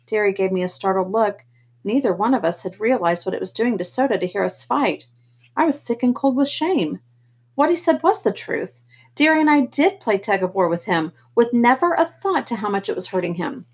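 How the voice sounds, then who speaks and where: A woman reading a novel aloud in first person, steady and plain, with the odd slip. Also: medium pitch, normal speed, husky. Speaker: audiobook reader.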